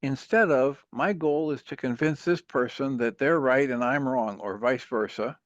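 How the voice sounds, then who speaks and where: A man's voice: mid-range voice, normal speed, no echo, lo-fi sound. Patient male talk show host, dry sound. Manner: earnest, patient, steady counseling. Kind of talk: calm advice on a call-in show.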